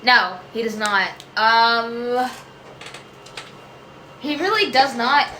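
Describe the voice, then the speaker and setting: A woman vlogger in a room at home answers viewer questions in a rambling, casual chat, her voice on the high side with drawn-out words. She often trails off with fillers and "I don't know," and the echoey room carries faint noise.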